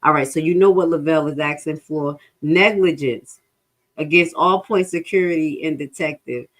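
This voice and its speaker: Frank, animated woman live-streamer. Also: normal speed. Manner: animated, swings into high-pitched laughing outbursts and back to low reading; frank, swears casually, addresses viewers as y'all. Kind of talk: casual live commentary reading a lawsuit.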